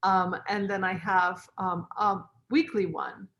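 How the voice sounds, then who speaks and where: A woman's voice: medium pitch, steady tone, takes it slowly. Encouraging woman hosting a conference. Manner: warmly encouraging, chatty. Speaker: conference host. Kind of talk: casual chat with a guest speaker.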